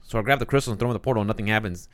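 A man co-hosting a casual podcast chat, easygoing and chatty, quick to joke along. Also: fairly low pitch, no echo. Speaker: podcast co-host.

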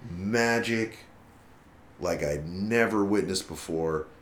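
With a deep voice, a musician guest takes his time telling a long story in a casual interview, the sound reverberant with slight background noise. His animated, profane retelling includes acted-out dialogue from others.

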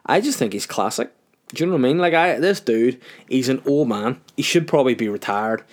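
Tipsy podcast host. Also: male voice, mid-range voice, expressive, brisk. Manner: rambling, sweary, cheeky. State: tipsy from a few wines. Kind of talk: casual solo podcast chat.

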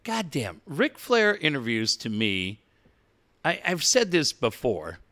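A middle-aged man co-hosting a radio talk show, telling animated stories and swearing casually. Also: mid-range voice, slow. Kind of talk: casual chat.

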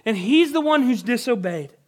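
Young male pastor, fairly high voice, earnest conversational preaching. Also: lively intonation, normal speed, a little mellow. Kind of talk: sermon.

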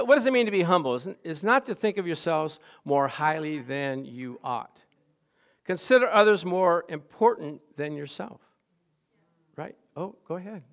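A man's voice: a little high, vocal fry. A male pastor giving a sermon with humorous, self-deprecating stories.

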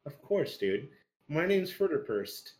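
Lively, chuckling man podcast host. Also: on the high side, a little slow. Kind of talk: casual chat.

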